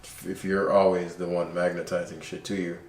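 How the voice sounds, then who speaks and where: A man telling stories in a relaxed, calm way during a casual podcast chat. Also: sits low, brisk, roomy sound. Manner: calm, laid-back storytelling.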